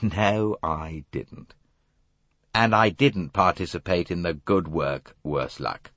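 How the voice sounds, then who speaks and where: A man voicing an angry, defiant young man who speaks bluntly and gruffly. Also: deep voice, slow pace, fairly bright tone, no echo, heavily acted.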